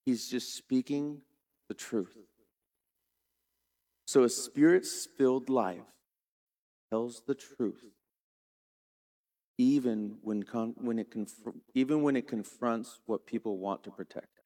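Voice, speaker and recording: A middle-aged man preaching a sermon, retelling a scripture story dramatically and shifting between quiet and loud. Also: mid-range voice, slow pace, pauses often. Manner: dramatic storytelling preacher, varies volume widely. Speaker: pastor.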